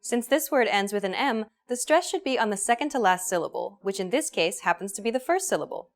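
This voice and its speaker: A woman hosting a language course, reading a scripted lesson in a clear, even teaching manner. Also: medium pitch, fairly quick.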